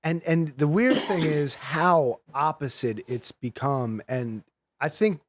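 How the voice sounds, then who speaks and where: A young man from New York, a comedian telling stories as a guest in a casual chat, animated and quick to slip into impressions. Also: on the high side, no echo. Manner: animated storyteller, slips into impressions.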